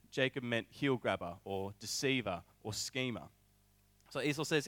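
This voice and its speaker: A young man preaching a sermon, telling a personal story in an animated way with many filler words. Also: medium pitch, moderate pace, no echo.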